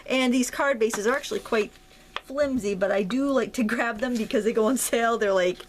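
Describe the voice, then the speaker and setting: A woman's voice: a little high, brisk. A woman with a Maine accent hosting a casual crafting tutorial, chatty and self-deprecating as she thinks aloud while working. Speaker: craft video host.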